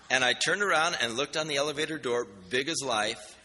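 A man preaching a sermon, telling a personal story in a folksy, animated way and acting out the dialogue. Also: mid-range voice, a little fast, few pauses, big-room sound, slight background noise. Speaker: pastor.

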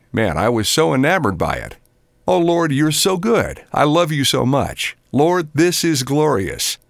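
A man's voice: medium pitch, vocal fry, no room sound, studio quality. An older man preaching, telling a personal story and acting out the voices of the people in it. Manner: animated storyteller acting out quotes. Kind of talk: narrated devotional storytelling.

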